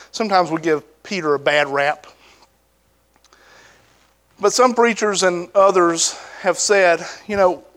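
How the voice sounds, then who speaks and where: A man preaching a sermon in a conversational way, often asking rhetorical questions and swinging between high emphatic bursts and low, soft asides.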